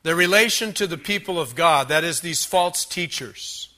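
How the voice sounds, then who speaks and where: A man preaching a sermon as a pastor, listing numbered points with emphasis, slowing on key words and dropping in dry asides. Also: a little high, lively intonation, pushed and bright.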